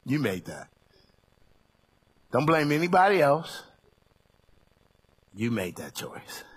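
A male preacher in the middle of a sermon, folksy and conversational, dropping to near-murmurs and then rising to shouts. His voice is very husky and raspy, and it leaps up and down with great liveliness. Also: mid-range voice, very animated, takes it slowly. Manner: folksy and colloquial.

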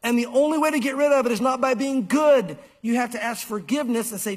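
A man's voice: extremely high pitch, quick pace, few pauses. A man preaching a sermon to a congregation, emphatic and conversational, repeating key phrases. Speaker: pastor. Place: church.

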